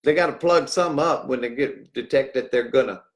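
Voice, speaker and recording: A middle-aged man hosting a rambling livestream, jokey and swinging between loud outbursts and hushed asides. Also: mid-range voice, moderate pace. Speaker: livestream host.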